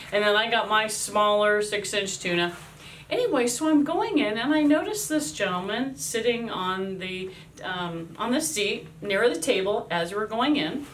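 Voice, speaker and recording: A woman in her fifties, an army chaplain, telling a devotional story in a lively way and acting out the voices she quotes. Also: medium pitch, recorded from a distance, slight background noise.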